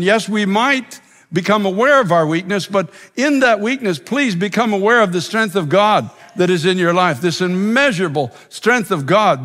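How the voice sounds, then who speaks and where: A man's voice: high-pitched, fairly bright tone. Preaching man in a reverberant hall. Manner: preaching with rising intensity and emphatic repetition. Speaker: pastor. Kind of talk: sermon.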